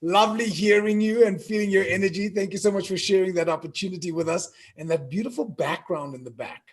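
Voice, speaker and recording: Male host with a high voice who introduces speakers warmly and heaps on the compliments. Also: fast talker. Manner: effusive, full of compliments. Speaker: event host. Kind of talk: hosting a live online event.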